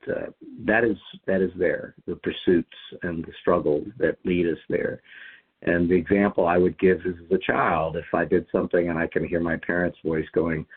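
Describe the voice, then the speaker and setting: A man's voice: low voice, gravelly, husky. A man leading a lectionary podcast discussion, reflective and thinking aloud with frequent restarts. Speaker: discussion leader. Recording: tinny phone-like line.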